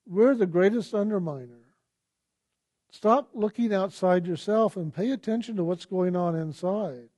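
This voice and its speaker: A man giving a reflective spiritual talk, telling personal stories and asking gentle, searching questions. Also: high voice. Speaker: spiritual teacher.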